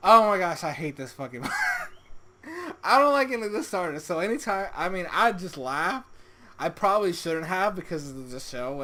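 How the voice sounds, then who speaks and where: Young adult, casual anime review, animated pitch, excitable, laughs often, swears. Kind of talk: casual solo review commentary.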